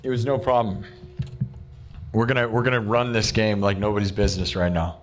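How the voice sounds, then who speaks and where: A young man hosting a livestream, chatting casually and excitably, full of "dude" and "like", and rattling off supporters' names. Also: lowish voice. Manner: excitable, loose, peppered with "dude" and "like"; reads out supporters' names in a quick list. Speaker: livestream host. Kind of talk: casual rambling livestream chat.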